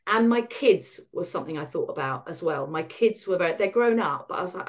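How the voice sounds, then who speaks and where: A middle-aged woman speaks as a guest on a podcast. Her delivery is candid and wry, animated as she tells her story, slipping into the voices of people she quotes. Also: medium pitch, brisk, hardly any pauses.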